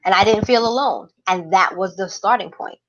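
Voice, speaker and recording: Animated woman telling her story. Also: medium pitch, moderate pace, muffled recording. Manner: animated storyteller who acts out her own past remarks. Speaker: interview guest, activist. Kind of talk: casual conversation.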